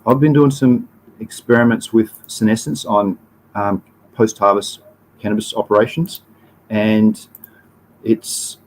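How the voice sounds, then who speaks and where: A man's voice: on the low side, fairly even intonation, a little slow, pauses often, a little hiss or hum, poor audio. An Australian man in his fifties hosting a casual livestream, talking through slides in a rambling way, chatting to viewers and swearing casually. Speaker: livestream host.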